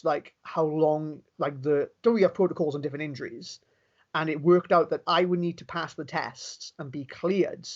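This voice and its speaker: A Welsh man, a professional wrestler, telling stories in a casual interview, animated and quick with many restarts. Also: on the high side, muffled recording. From Wales.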